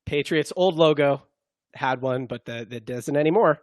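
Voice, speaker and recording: A man's voice: fairly high pitch, moderate pace, no echo. A man co-hosting a sports podcast, chatting casually in a jokey, rambling way. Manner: jokey, rambling, slips into mock accents. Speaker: podcast co-host.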